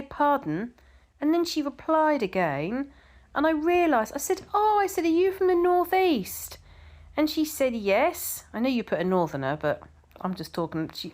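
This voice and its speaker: Chatty middle-aged Englishwoman, casual vlogger, mid pitch, rambling anecdotes. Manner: chatty, repeats words, tells anecdotes. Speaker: vlogger reading viewer comments. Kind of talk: casual chat.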